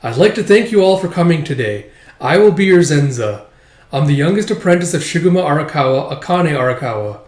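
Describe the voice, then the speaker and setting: A man's voice: on the high side, lively intonation, brisk, darkish tone, roomy sound, lightly acted. A man voicing an earnest young woman apprentice storyteller who is hard on herself. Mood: formal. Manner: earnest, self-critical.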